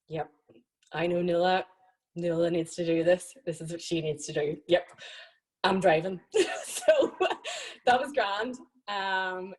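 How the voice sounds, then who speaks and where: Lively Northern Irish woman telling a story. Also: lowish voice, poor audio. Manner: animated, laughing, acting out quoted voices. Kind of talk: live storytelling over a video call. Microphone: video call.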